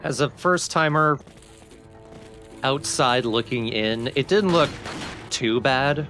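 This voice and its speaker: A man co-hosting a game let's play, answering in a relaxed, thoughtful way. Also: medium pitch, slow pace, soft background music. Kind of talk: casual gameplay commentary.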